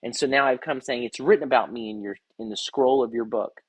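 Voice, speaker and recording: A man's voice: mid-range voice, fairly quick, breathy edge, no echo, rough recording. A man as rabbi giving an earnest devotional Bible teaching, often repeating words as he reads scripture aloud.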